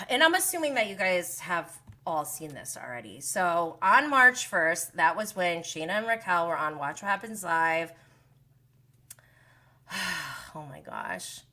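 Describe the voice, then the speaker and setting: A woman hosting a live-stream gossip recap, talking in an animated, sarcastic way with exasperated asides. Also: on the low side, unhurried.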